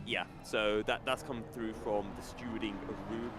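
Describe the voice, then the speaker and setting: A man commentating a sim race, chatty and quick to laugh as he breaks down the running order. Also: on the low side, little pitch movement.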